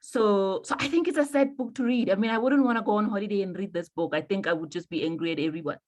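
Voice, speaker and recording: A woman's voice: medium pitch, fast, darkish tone. A woman in a book club discussion, speaking reflectively and hesitantly with repeated restarts.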